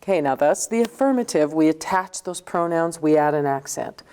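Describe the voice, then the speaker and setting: A woman's voice: low-pitched, animated, moderate pace, mellow, smooth. A woman teaching a recorded grammar lesson, explaining step by step and checking in with "okay?". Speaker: Spanish teacher.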